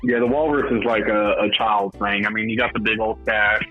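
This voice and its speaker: A man's voice: on the low side, little pitch movement, a little fast, soft background music. A man calling in to a live show, chatting in a laid-back, rambling way with plenty of swearing. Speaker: caller. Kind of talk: casual chat. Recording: tinny phone line.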